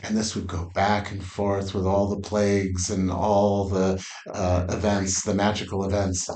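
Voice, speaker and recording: A man's voice: medium pitch, a little mellow. Man telling a story in a roomy echo. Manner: unhurried with frequent "uh" pauses. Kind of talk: personal storytelling. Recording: roomy echo, faint music.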